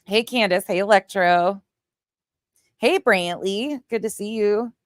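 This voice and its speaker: A woman's voice: medium pitch, takes it slowly, dry recording, studio quality. A middle-aged woman with a Southern US accent, chatting casually on a livestream and reading out viewer comments, laughing often and swearing now and then. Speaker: livestream host.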